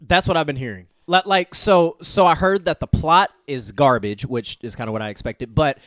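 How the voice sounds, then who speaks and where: A man's voice: on the high side, normal speed, fairly bright tone, no room sound, clean studio sound. A man co-hosting a podcast, teasing and bantering in casual chat. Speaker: podcast co-host.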